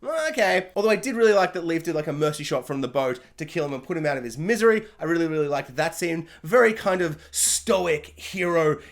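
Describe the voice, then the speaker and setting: A man with a high voice talks through a TV review in a loose, rambling way. His tone is sarcastic, full of asides and playful jabs. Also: expressive, fairly quick, hardly any pauses. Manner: rambling and sarcastic, slips into silly mock voices. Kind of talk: casual spoken review.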